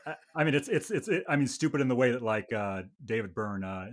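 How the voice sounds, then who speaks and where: A man's voice: medium pitch, brisk. A man hosting a casual podcast chat about music, talking in a wry, rambling way with frequent restarts. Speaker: podcast host and bandmate.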